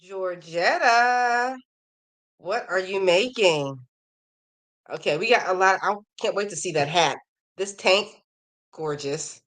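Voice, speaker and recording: A woman's voice: lowish voice, slow, pauses often, fairly bright tone. Chatty, gushing woman podcast host. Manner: chatty and enthusiastic, gushing over viewers' work. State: slightly losing her voice. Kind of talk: casual chat reading viewer emails.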